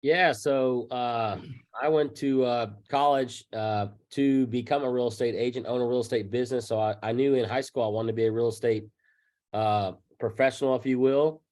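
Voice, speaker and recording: A man's voice: mid-range voice, fairly even intonation, moderate pace, darkish tone. A man who co-leads a real estate team tells his story as a guest on a video call, hesitant and full of fillers.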